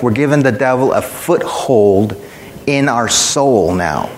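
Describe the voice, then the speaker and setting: A man's voice: mid-range voice, reverberant, big-room sound, a little hiss or hum. A man preaching a sermon in a church, emphatic and matter-of-fact, telling stories to make his point.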